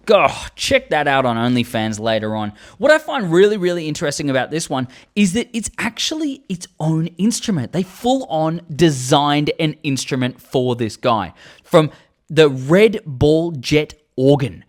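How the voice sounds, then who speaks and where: A man's voice: a little high, sing-song, moderate pace. A man hosting a video, reading book excerpts aloud and adding earnest, enthusiastic fan commentary. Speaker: host.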